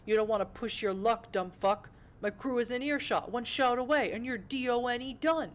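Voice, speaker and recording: A woman's voice: a little high, moderate pace, voice pushed up, lightly acted. A woman voicing a menacing male street-tough vampire thug who swaggers, curses and threatens. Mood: threatening.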